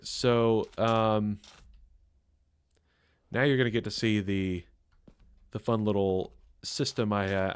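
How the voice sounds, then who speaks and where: With a smooth, fairly low voice, this streamer talks through a live game session while faint music from the game plays underneath. He wanders from thought to thought, using lots of fillers and joking at his own expense to chat with viewers.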